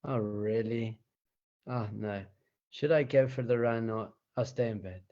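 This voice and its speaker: A man's voice: mid-range voice, a little slow, warm tone, muffled recording, natural voice. A man putting on a groggy grumbling morning inner voice.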